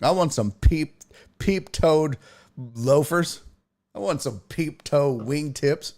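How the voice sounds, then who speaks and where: A man with a fairly high voice hosts a laid-back talk stream, reading chat comments aloud and joking about them. His pitch swings widely as he riffs, and he takes his time, swearing freely in loose banter. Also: expressive, slow pace, a little mellow. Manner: loose, profane, riffing banter. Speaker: sports talk show host. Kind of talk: casual livestream chat reading viewer comments.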